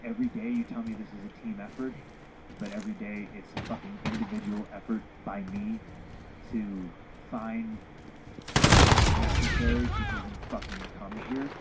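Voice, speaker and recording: A man's voice: lowish voice, normal speed, heavy background noise. A man, a former pro wrestler, candidly telling stories in an interview, swearing freely and acting out what others said. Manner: profane, animated, acts out quoted dialogue. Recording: podcast audio played over loud game gunfire.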